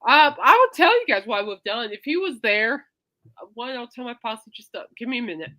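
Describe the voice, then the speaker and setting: A woman's voice: a little high, a little fast. A woman hosting her own podcast, telling rambling stories in a casual chat and calling her listeners "people". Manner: animated storyteller, swings loud and soft, addresses listeners as "people". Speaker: podcast host.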